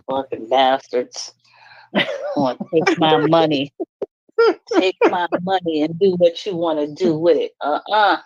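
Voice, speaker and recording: A woman's voice: deep voice, normal speed, no echo, lo-fi sound. A middle-aged woman talking bluntly and with energy on a live stream, laughing as she vents. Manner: animated, blunt venting with laughs. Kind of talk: casual chat. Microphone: live stream call.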